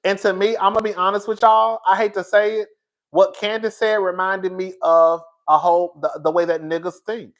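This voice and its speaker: A man talking casually to his viewers as a pop culture commentator, in slangy, animated speech and often laughing as he riffs. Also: sits high, normal speed.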